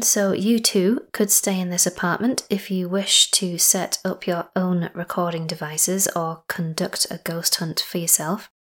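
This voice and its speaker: A woman hosting a podcast, chatty and enthusiastic, sometimes dropping to a soft whisper. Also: mid-range voice. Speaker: podcast host. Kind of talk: casual podcast narration.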